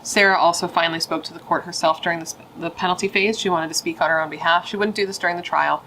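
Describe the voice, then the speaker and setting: Woman, low bright voice, chatty true-crime host, blunt opinionated asides. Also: fairly even intonation, fast talker, slight background noise, poor audio. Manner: chatty and opinionated, with frequent "like" fillers. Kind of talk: casual true-crime storytelling.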